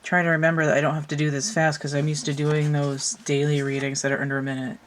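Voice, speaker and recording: A woman talks through a tarot card reading in a loose, chatty way. She thinks out loud and drifts into side remarks as she goes. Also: low voice, little pitch movement, fast talker, a little hiss or hum. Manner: rambling, thinks aloud with asides. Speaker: tarot reader. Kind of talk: casual tarot reading commentary.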